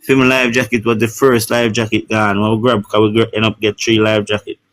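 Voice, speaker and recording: Jamaican man, deep-ish and flat, recounting an ordeal with emotion, dry close mic. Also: fairly quick, no echo. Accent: Jamaican Patois. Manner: emotional, keeps adding "you know, bro". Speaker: shipwreck survivor. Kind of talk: personal account in an interview.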